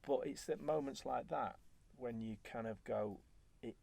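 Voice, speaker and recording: A former footballer as a guest, telling stories in relaxed chat and acting out what was said. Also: male voice, mid-range voice, measured pace, gravelly. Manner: animated, acts out quoted remarks. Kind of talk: conversational storytelling.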